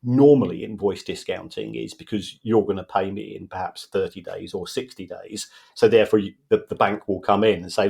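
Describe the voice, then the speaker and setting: A man's voice: deep voice, steady tone, fairly quick, gravelly, a little mellow. A man, co-hosting a podcast and patiently explaining football finance with everyday examples in casual chat. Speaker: football finance expert co-host.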